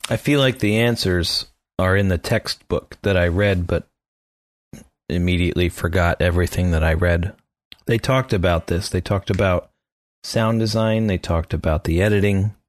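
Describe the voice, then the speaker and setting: A man's voice: deep voice, normal speed, no echo. A man co-hosting a podcast in playful, self-mocking casual chat. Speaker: podcast co-host.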